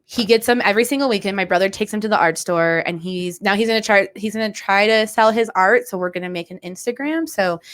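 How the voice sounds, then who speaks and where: A woman co-hosting a podcast, talking in a relaxed, slangy way with casual swearing and frequent laughter. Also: mid-range voice, fast talker, hardly any pauses. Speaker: podcast co-host. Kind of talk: casual chat.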